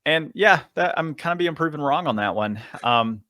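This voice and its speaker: A man co-hosting a podcast, telling a long story in a casual, animated way and chuckling often. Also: a little high, moderate pace, no room sound, studio quality. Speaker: podcast co-host.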